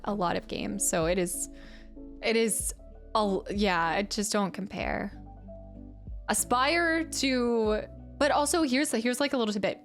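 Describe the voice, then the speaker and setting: A woman game streamer in casual chat with her viewers, chatty and rambling, easily amused. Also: medium pitch.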